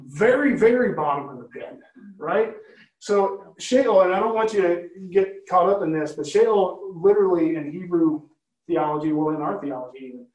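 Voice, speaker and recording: A man's voice: high voice, moderate pace, a little mellow. A man leading a Bible study, teaching conversationally and often checking in with listeners by asking questions. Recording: roomy, from a distance.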